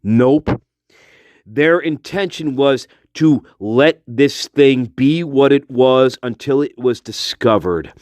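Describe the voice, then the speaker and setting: A man's voice: mid-range voice, slow pace, darkish tone, dry recording. A man hosting a livestream, ranting angrily and profanely into his phone, repeating his points over and over. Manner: angry, profane, repetitive. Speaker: livestream host. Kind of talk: livestream rant.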